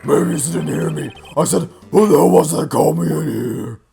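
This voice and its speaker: A man voicing a brash, loud male loan-shark thug with a Brooklyn accent. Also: a little high, lively intonation, fast talker. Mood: angry. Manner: brash, shouting, gruff.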